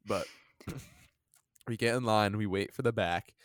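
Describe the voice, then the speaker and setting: A young man telling a story in a casual podcast chat, rambling and animated with lots of fillers, in a dry close recording. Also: on the low side, takes it slowly, dry recording. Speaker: podcast co-host.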